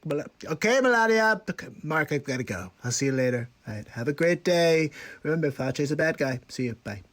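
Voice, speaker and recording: A man's voice: on the high side, animated, brisk, a bit bright. A man doing a comic impression of a boastful older male president, blustery and repetitive, always in a hurry. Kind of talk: comic celebrity impression on a livestream.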